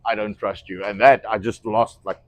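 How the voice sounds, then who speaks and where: A man's voice: lowish voice, normal speed, no echo. Blunt, swearing man, non-native speaker. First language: not English. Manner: blunt, animated, swears freely. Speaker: co-host. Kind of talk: casual livestream chat.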